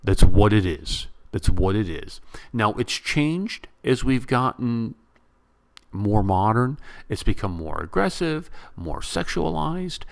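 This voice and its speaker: Give me a guy with a slightly low voice, venting casually on camera to his audience. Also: gravelly. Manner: animated, repetitive, addresses viewers directly. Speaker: YouTube vlogger. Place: home room near a bedroom.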